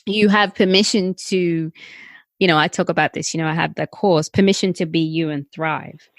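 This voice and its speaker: A woman's voice: fairly low pitch, steady tone, normal speed, dry recording, clean studio sound. A woman hosting a podcast interview, speaking in an affirming, encouraging way. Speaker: podcast host. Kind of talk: casual interview talk.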